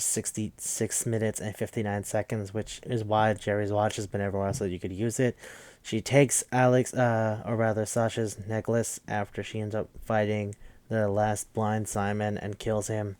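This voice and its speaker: A man's voice: fairly low pitch, level tone, moderate pace, darkish tone, clear, resonant tone, no echo. A man hosting a podcast, retelling a movie plot in a rambling, profane casual way. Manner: rambling, profane, jumps into quoted voices. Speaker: podcast host.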